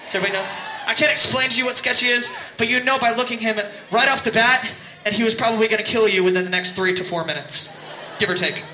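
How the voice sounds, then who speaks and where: A man's voice: high voice, quick pace, sharp tone. A man fronting a band, telling a rambling, self-mocking story between songs at a concert, laughing as he goes. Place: concert venue. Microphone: stage vocal mic. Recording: echoey live venue, crowd noise.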